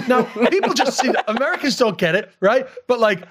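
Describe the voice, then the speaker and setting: Animated, profane man with a dry sound. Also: very high voice, a little fast, no echo. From New York. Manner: animated, profane storytelling with bursts of laughter. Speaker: guest comedian. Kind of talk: casual podcast chat.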